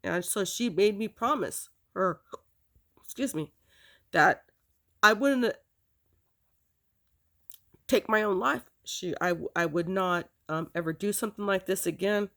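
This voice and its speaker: A woman telling a personal story in a rambling, halting way, chuckling now and then. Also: mid-range voice, a bit bright.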